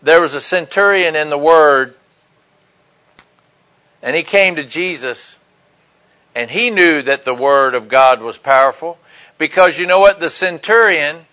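A man's voice: a little high, measured pace, long pauses, sharp tone, low-quality recording. A middle-aged man preaching a sermon, telling stories and acting out the quoted lines. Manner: storytelling with acted-out quotes.

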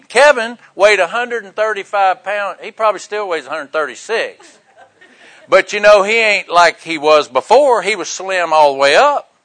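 An older man, preaching a sermon in a folksy, joking way, with loud bursts and quiet asides. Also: high-pitched, animated, normal speed. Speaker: pastor.

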